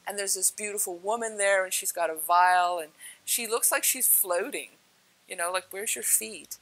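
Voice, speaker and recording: A woman telling spiritual experience stories in an animated, casual way, laughing often and acting out what people said. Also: mid-range voice, moderate pace, poor audio. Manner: laughs often, acts out quoted lines with big swings. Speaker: speaker sharing spiritual experiences. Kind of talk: animated storytelling.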